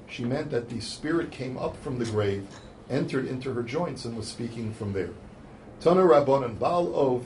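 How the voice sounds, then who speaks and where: Rabbi teaching a Talmud class. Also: male voice, mid-range voice, darkish tone, a little hiss or hum. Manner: explains step by step, asks and answers questions aloud; reads Hebrew and Aramaic passages in a rising chant, then translates.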